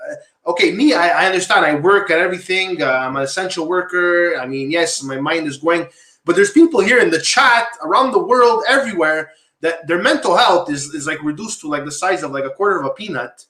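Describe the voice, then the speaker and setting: A man's voice: high voice, lively intonation, fairly quick, bright, forceful tone. Man, podcast host, rambling, repeats himself, echoey room. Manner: rambling, repeats himself, asks guests questions. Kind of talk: casual panel discussion.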